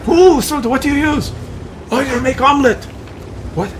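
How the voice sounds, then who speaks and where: Guy vlogging, fed up and animated, lots of stop-start restarts, faint background noise. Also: very high voice, normal speed. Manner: exasperated, animated, many restarts. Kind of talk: comic storytelling to camera.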